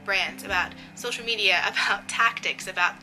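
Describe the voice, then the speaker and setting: A woman's voice: medium pitch, normal speed, music in the background, poor audio. A young woman vlogging in a casual chat to camera, talking chattily and laughing often.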